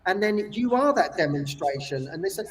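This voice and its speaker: A man leading retreats, telling stories in an animated way, acting out the people he quotes and often tagging lines with "yeah?". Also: high-pitched, a little fast. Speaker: retreat leader and guest. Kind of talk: casual storytelling. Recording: voice distant from the mic.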